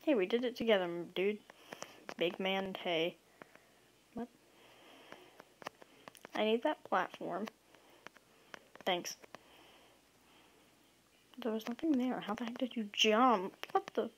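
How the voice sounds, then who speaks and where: Casting note: upbeat woman streamer, mid-pitched, chatty and excitable, faint hiss behind her. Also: slow pace, long pauses, rough recording. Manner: chatty, self-mocking, excitable. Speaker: gaming video creator. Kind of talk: casual gameplay commentary.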